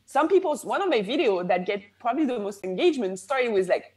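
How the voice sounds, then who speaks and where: A woman with a French accent, a native French speaker, chatting casually as a personal branding coach in an interview, easygoing and animated and freely swearing. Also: a little high, fast.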